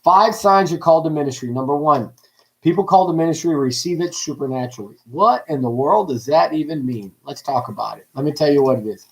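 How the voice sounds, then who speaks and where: A man preaching on a livestream in a lively, joking way, asking his audience many questions. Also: a little high, a little fast, low-quality recording. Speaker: pastor. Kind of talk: livestreamed ministry teaching.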